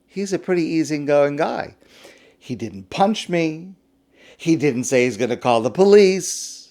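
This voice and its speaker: A man's voice: a little high, animated, a little slow, darkish tone, voice pushed up. A man putting on a sly wheedling thief. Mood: sheepish. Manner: coaxing, self-justifying storyteller's voice.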